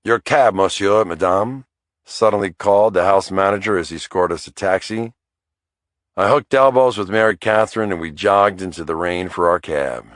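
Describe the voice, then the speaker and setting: A man narrating a thriller audiobook in the first person, in a wry, measured storytelling manner. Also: low-pitched, no echo, clean studio sound.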